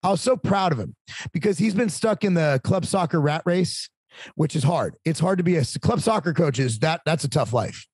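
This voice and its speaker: Brief: talkative man in his forties, a bit high-pitched, husky, dry close sound, casual stories. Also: normal speed, dry recording. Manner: talkative, animated, swearing. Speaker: podcast guest. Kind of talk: casual storytelling.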